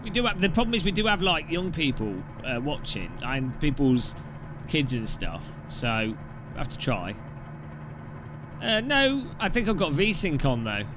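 A man's voice: on the high side, sing-song, a little slow, background noise. A man casually chatting and joking while live-streaming a game, swearing now and then. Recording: clear background music. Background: background music.

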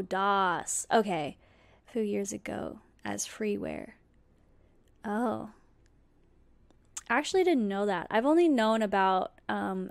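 A young woman streams a video game and chats casually with her viewers, giggling often and using lots of fillers. Her voice is medium in pitch, recorded without echo.

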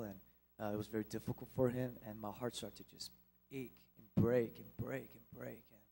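A young man speaking at a church, telling a personal testimony in a halting, emotional way with many restarts. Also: mid-range voice, poor audio.

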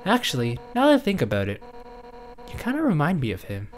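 A woman's voice: low-pitched, wildly swooping pitch, fairly quick, faint music behind. Undyne, a woman doing a brash fish warrior. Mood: gruff, friendly. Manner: loud, boisterous, bursts of shouting. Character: brash hot-headed fish warrior woman, head guard. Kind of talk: reading game dialogue aloud in a let's play.

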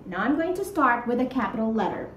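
A woman teaching young children to write, talking slowly and patiently in a sing-song teacher voice and stretching words out. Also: fairly high pitch, animated, echoey room, a little hiss or hum, low-quality recording. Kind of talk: guided writing lesson for young children.

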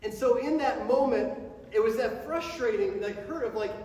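His voice very high but dark in tone, a pastor gives a sermon before his congregation at a moderate pace, accelerating and rising in pitch as his intensity builds. Heard from far back in a big, reverberant sanctuary, the echo trails long over a faint hum.

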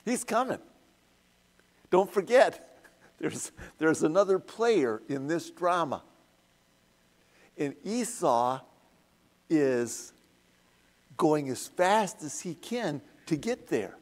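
Slow-speaking man teaching Bible study. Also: fairly high pitch, very animated. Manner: unhurried, conversational storytelling with acted quotes.

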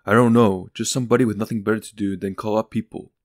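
A man playing a shaken young father who speaks in clipped, sharp lines. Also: lowish voice, steady tone, fast talker, no room sound, clean studio sound, natural voice. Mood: reassuring.

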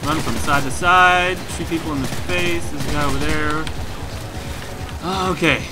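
A man doing jokey, excitable let's play commentary, exclaiming at the game as he plays. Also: a little high, moderate pace. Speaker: gaming commentator. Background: loud game music and gunfire.

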